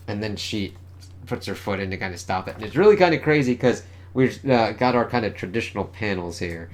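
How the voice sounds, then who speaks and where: A man's voice: fairly low pitch, animated, a little fast. A man casually reviewing a comic book, rambling loosely and swearing freely.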